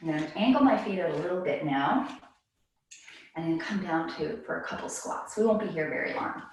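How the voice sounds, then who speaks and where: A woman teaching a guided yoga class, calmly cueing breaths while moving and a little out of breath. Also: deep voice, brisk, slight background noise. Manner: calm, cueing breaths while doing the moves herself. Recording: very echoey room, mic at a distance.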